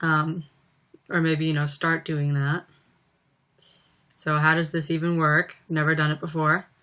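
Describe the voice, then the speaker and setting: A woman's voice: low voice, little pitch movement, measured pace, bright, forceful tone. A young woman chatting casually on a livestream, reading viewer comments aloud with plenty of ums. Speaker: livestreaming singer.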